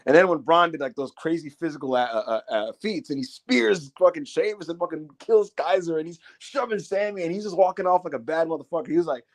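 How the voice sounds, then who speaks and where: Animated man reviewing wrestling. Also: on the high side, a little fast, hardly any pauses. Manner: animated, acts out quotes, swears freely. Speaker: podcast co-host. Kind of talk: casual wrestling review chat.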